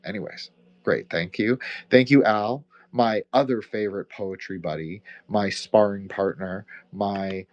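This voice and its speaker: Deep-voiced man with a slight Quebecois accent. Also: a little slow, a little mellow, dull audio. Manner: rambling, profane, discursive with frequent fillers. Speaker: host. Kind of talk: casual closing remarks on a live audio chat.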